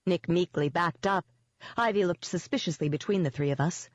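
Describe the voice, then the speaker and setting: An audiobook narrator reading a first-person fantasy novel at a steady, measured pace. The sound is dull with muffled highs, and completely dry with no room echo.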